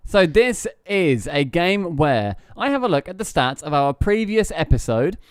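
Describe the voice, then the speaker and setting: A man hosting a podcast, relaxed and chuckling as he runs a quiz segment with a guest. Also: a little high, unhurried, clean tone, dry recording, clean studio sound. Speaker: podcast host.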